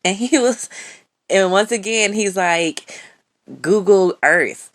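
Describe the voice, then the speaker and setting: A woman's voice: mid-range voice, slow pace, a little hiss or hum. A woman in her thirties recording a phone voice message, telling a story in a profane, incredulous, casual way. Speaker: guest storyteller.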